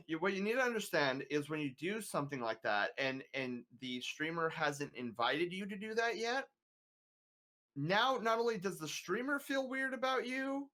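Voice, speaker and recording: A man's voice: high voice, very animated, moderate pace, sharp tone. A man streamer chatting casually on a podcast, giving earnest, emphatic advice with lots of filler words, over a remote voice call.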